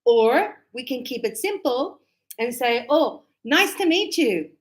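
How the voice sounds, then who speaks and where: A woman teaching a class, acting out greetings and small talk in a bright sing-song voice. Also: takes it slowly. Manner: animated, acts out dialogues with sing-song high-pitched lines. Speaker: English teacher. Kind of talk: classroom English lesson.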